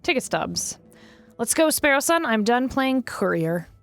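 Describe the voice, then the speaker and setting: A stern bird lawyer with a sharp tongue, read by a woman, curt and scolding in a dry, close voice. Her delivery rises and falls with lively emphasis. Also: fairly high pitch, a little slow, dry recording, faint music behind, heavily acted.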